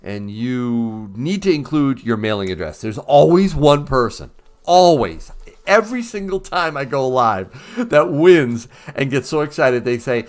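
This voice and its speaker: A man's voice: mid-range voice, expressive, normal speed, faint music behind. A man hosting a casual livestream, chatting with viewers in an upbeat, easygoing way. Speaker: livestream host.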